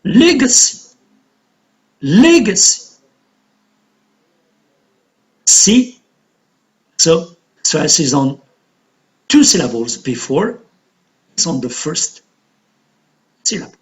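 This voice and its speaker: Slow, lively-pitched man teaching English. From Algeria. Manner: slow, deliberate explanation, counting syllables aloud. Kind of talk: classroom lesson on word stress.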